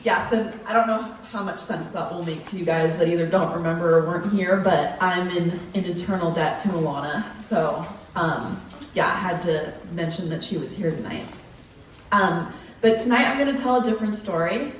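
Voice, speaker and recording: A woman's voice: lowish voice, normal speed. A woman telling a story live on stage, chatty and a little hesitant, with many fillers. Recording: echoey room, mic from far off, faint noise.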